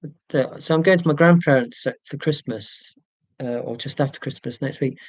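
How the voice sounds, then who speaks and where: A man's voice: medium pitch, normal speed, no room sound. A man hosting a casual livestream from home, reading viewer comments in a chatty, rambling, self-deprecating way. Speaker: YouTube channel host.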